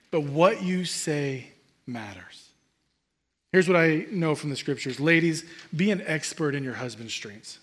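A man preaching a sermon, humorous and animated, swinging between loud excitement and hushed asides. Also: fairly high pitch, slow, husky. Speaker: pastor.

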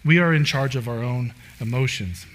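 A man preaching a sermon in a casual, conversational way, full of "like" fillers, swinging from loud emphatic bursts to low quiet asides. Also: normal speed, slight background noise. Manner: animated, rising loud and emphatic then dropping low.

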